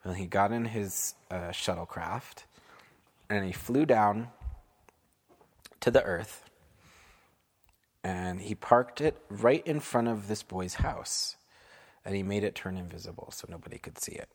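A man improvising a bedtime story for his children, unhurried and asking them questions along the way. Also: lowish voice, husky.

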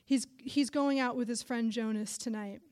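A woman's voice: a little high, fairly even intonation, normal speed, darkish tone. A young adult woman, a writer, reading her own literary story aloud with dry, wry narration.

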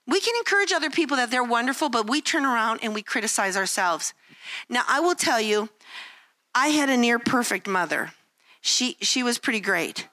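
A woman's voice: a little high, expressive, normal speed, pushed and bright. An older woman giving a candid devotional talk, telling self-deprecating family stories and acting out what people say. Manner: candid, self-deprecating storytelling with acted-out quotes. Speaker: Christian speaker.

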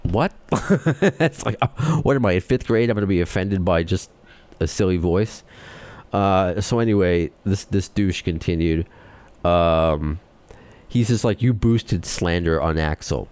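A man with a New York accent hosting a podcast, talking fast and excitably as he rants. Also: sits low, smooth. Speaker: podcast host. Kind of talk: casual chat.

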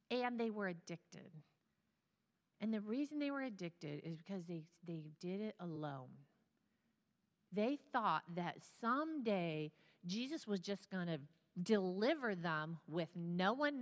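Earnest woman therapist speaking in church. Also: medium pitch. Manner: earnest, tearful, conversational. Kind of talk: sermon talk. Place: large church sanctuary. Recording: long hall reverb.

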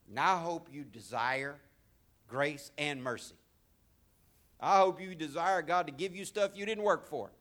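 A man preaching a sermon, swinging between loud, emphatic exhortation and soft, intimate asides, with repeated phrases. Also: medium pitch.

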